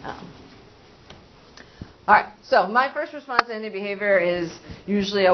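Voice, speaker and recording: A woman's voice: medium pitch, moderate pace, slight background noise. Woman presenting a parent training. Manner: conversational, with frequent fillers and acted-out examples. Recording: dull, muffled sound.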